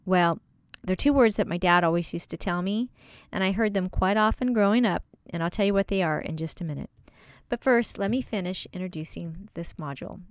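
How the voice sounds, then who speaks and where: A woman's voice: medium pitch, smooth, dry recording. A woman teaching a recorded course module, speaking casually and directly to the listener as a coach. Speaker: online course instructor.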